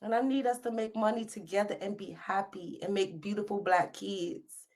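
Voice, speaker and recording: A woman hosting a podcast, ranting at her listeners in a blunt, profane, scolding way, swinging between loud outbursts and hushed asides. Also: medium pitch, steady tone, normal speed. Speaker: podcast host. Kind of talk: unscripted rant to listeners.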